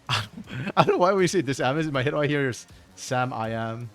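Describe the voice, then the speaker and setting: A man's voice: mid-range voice, animated, normal speed, fairly bright tone, faint music behind. A man co-streaming an esports match, chatting casually and rambling, correcting himself as he goes. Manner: rambling, self-correcting, chuckles often. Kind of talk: casual live-stream commentary.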